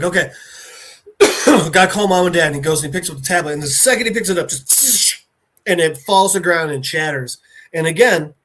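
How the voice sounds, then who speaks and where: Animated man recapping a comic. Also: on the high side, breathy edge. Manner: animated retelling, acting out characters' lines. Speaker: podcast host.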